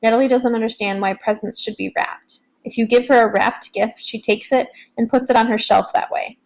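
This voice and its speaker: A woman reading a novel aloud in first person, in plain, steady storytelling. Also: on the high side, a little fast, poor audio. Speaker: audiobook narrator.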